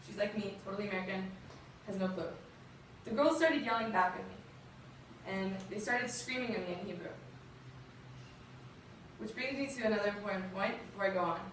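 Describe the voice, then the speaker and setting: A woman's voice: mid-range voice, fairly quick, long pauses, fairly bright tone, a little hiss or hum. Earnest young woman in an echoey hall. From Southern US. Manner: earnest, emotional, conversational with fillers. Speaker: guest speaker. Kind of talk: personal story talk to a youth audience. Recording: distant mic in a very echoey room.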